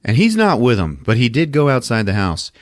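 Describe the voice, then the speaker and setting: A man hosting a podcast, recapping a movie with animated storytelling and frequent laughs. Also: mid-range voice, fairly quick, dry recording, clean studio sound. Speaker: podcast host.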